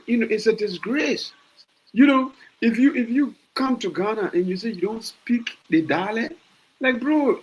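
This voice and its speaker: A man's voice: high-pitched, low-quality recording. Fired-up Liberian man with rhetorical questions. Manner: passionate, repeats words and restarts, asks rhetorical questions. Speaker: podcast host. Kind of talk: casual opinion talk.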